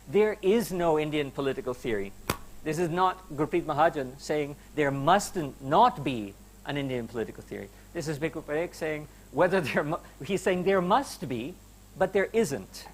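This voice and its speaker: A man giving an academic lecture to students, emphatic and conversational, with rhetorical questions and some hesitation fillers. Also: mid-range voice. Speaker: university lecturer. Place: lecture hall.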